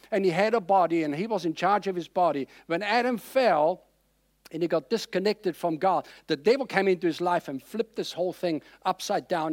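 A man preaching a sermon in a conversational, animated way, with frequent fillers. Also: high voice, no room sound, studio quality.

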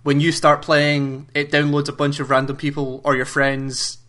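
A man hosting a casual gaming podcast, relaxed, swearing offhand and steering the conversation. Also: fairly high pitch, normal speed. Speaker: podcast host.

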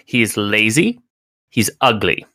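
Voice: mid-range voice, lively intonation, slow, pushed and bright, heavily acted. Agnes, a game master playing a wary old alchemist woman. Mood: scornful. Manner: dithering, suspicious, formal. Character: elderly wary sharp-tongued woman alchemist.

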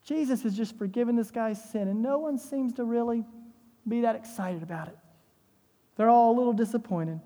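Pastor preaching a sermon: warm, mellow tone, emphatic delivery, lots of rhetorical questions; reverberant church room sound. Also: mid-range voice, brisk.

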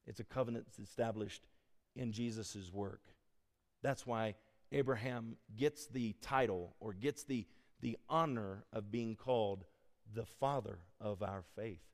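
A middle-aged man preaching a sermon, mixing scripture with animated personal stories that he laughs at. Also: lowish voice. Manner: animated storytelling, laughs at his own stories. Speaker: pastor. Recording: long hall reverb.

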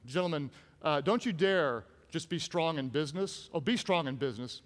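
Animated preacher man in a big hall. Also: fairly high pitch, moderate pace. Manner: animated, jokey, acts out voices. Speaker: pastor. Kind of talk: sermon. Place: large church hall. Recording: hall reverb from large room.

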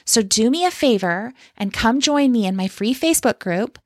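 Encouraging woman coach with a higher voice. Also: animated, normal speed, no room sound, studio quality. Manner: encouraging, direct, often checks in with "okay?" and "right?". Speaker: life coach. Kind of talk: solo podcast talk. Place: lives in Canada.

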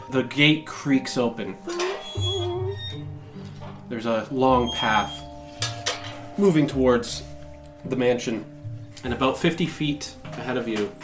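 A man narrating as game master of a tabletop game, casual and halting. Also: medium pitch. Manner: casual, halting, laughing often.

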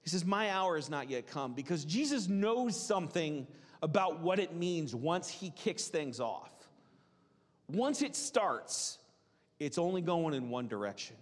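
A man preaching a sermon in a conversational, animated way, acting out the voices of people in the story. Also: on the high side, measured pace. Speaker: pastor. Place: church hall. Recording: reverberant hall.

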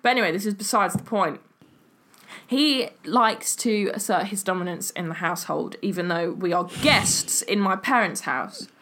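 A woman's voice: medium pitch, moderate pace, a bit bright. Chatty English woman telling stories. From England. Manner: chatty, lots of likes and ums, laughs while telling stories. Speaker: podcast co-host. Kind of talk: casual chat. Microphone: webcam setup, remote call.

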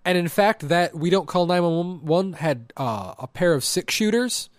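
A man with a fairly high voice co-hosts a casual chat podcast and makes dry, deadpan jokes. The sound is close and dry, with no room echo. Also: a little slow. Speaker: podcast co-host. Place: lives in Michigan.

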